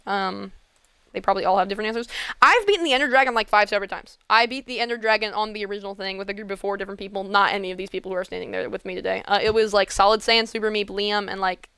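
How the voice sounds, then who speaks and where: Teenage girl, host, fast rambling chat, smooth clear voice, dry close sound. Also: medium pitch, a bit bright, no echo. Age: teens. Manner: rambling, filler-heavy, laughs often. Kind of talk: casual chat.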